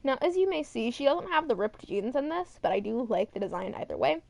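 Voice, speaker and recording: Young female streamer, high voice, chatty and rambling, swears freely, dry recording. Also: big pitch swings, brisk, vocal fry, darkish tone, no echo. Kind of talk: casual chat over a model viewer.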